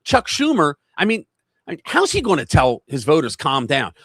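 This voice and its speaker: A man's voice: on the high side, wildly swooping pitch, normal speed, fairly bright tone, husky, no room sound, clean studio sound. A man hosting a livestream, giving casual political commentary in a mocking, rambling way and laughing often. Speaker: livestream show host.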